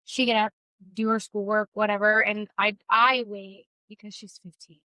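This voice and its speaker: A woman's voice: mid-range voice, moderate pace, no echo, poor audio. A middle-aged woman co-hosting a podcast, telling stories bluntly and profanely in casual chat. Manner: blunt and profane, lively storytelling. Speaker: podcast co-host.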